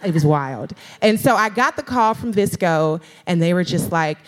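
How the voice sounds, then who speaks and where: A woman's voice: fairly low pitch, normal speed. A young woman, a guest speaker, telling her story in a casual, slangy way and acting out quoted voices, at a live stage event. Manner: animated, quotes herself and others in lively put-on voices; casual, slangy speech with frequent "like" and "girl".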